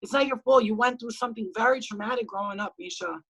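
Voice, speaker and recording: A woman speaks on a video call with a slightly husky, fairly high voice. She gives advice bluntly and emphatically, swearing freely. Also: fast, a bit bright, poor audio. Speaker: spiritual reader hosting a group call. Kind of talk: casual heart-to-heart advice.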